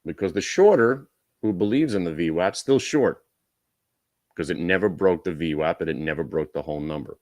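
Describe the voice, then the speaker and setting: Male trading-room host, very low pitch, dry close sound, brisk coaching manner. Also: a little mellow, dry recording. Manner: brisk and coaching, talks to viewers directly; wry asides. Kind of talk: live trading room commentary.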